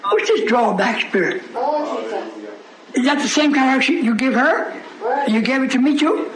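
A man preaches a sermon in an echoey church, his very high voice leaping up and down as he laughs and fires rhetorical questions at the people. A congregation calls back loudly around him. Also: expressive, normal speed, crowd noise. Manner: laughs often while preaching. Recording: echoey room with a responding congregation.

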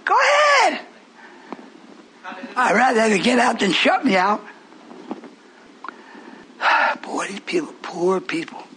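An older man preaching a rambling, folksy sermon to his congregation, dropping to mutters and then rising to shouts. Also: high-pitched, unhurried, pauses often, a little hiss or hum, rough recording.

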